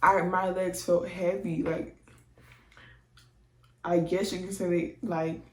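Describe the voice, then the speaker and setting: A vlogger tells her birth story in a chatty, slangy, casual way, acting out her own reactions. Her voice is fairly low, level and darkish, and she speaks slowly. The recording is echoey, with her distant from the mic.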